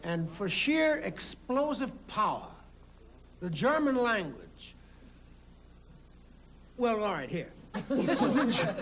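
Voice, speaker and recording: Animated, laughing comedian telling stories. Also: male voice, sits high, slow pace, pauses often, a little hiss or hum. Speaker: actor and comedian guest. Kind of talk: anecdotes and impressions.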